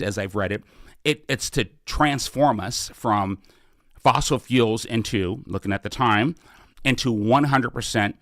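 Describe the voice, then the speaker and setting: A middle-aged man, both podcast host and political candidate, runs a live Q&A with casual campaign talk. His voice is fairly low and a bit bright, and he speaks earnestly, often restarting sentences, in a dry, studio-quality recording.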